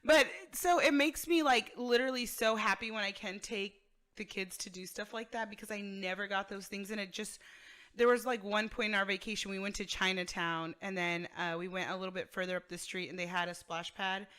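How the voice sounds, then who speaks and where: A woman's voice: mid-range voice, a little fast. A woman in her thirties from Texas, co-hosting a casual podcast chat, telling stories with lots of swearing and laughter. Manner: animated storytelling, profane, laughs often. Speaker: podcast co-host.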